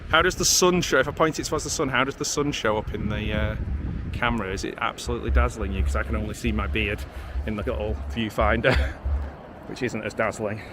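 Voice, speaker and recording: Walking along a windy beach, a vlogger with a fairly low, slightly quick voice rambles casually to his handheld pocket camera and his dog, poking fun at himself. Faint wind and outdoor noise sit under the recording.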